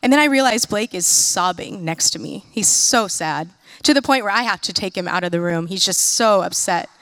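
A woman in her thirties from the United States giving a sermon-style talk, telling lively, self-mocking personal stories with quick asides. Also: mid-range voice, no echo. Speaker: speaker.

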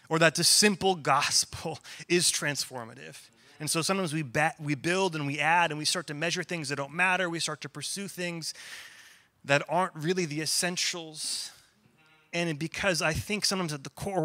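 Bright-voiced man preaching conversationally. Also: on the high side, dry recording. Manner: conversational, acts out quoted voices with humor. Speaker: pastor. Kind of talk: sermon.

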